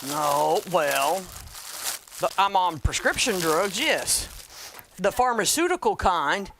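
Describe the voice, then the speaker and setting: Bright-voiced wisecracking Southern woman. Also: on the low side, lively intonation, takes it slowly, slight background noise. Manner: wisecracking, folksy, talks to viewers as y'all. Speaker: craft tutorial host. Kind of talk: chatty crafting tutorial.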